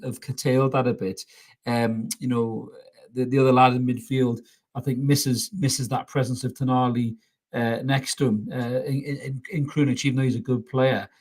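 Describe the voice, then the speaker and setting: Chatty man co-hosting a football show. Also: mid-range voice. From North East England. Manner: chatty and jokey, says mate. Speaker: podcast co-host. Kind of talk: casual football chat.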